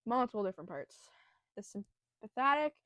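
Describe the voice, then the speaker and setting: A woman's voice: fairly high pitch, sing-song, normal speed, a bit bright, dry recording, lo-fi sound. Nervous young woman rambling thru bio notes, lots of ums, dead dry room. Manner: rambling, self-deprecating, filler-heavy. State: nervous, breathing heavily. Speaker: student host explaining biology. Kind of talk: casual educational podcast.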